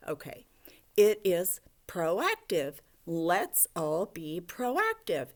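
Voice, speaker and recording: A woman teacher giving a gentle, coaxing video lesson to young children, talking to a puppet. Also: lowish voice, big pitch swings, takes it slowly. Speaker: elementary school teacher.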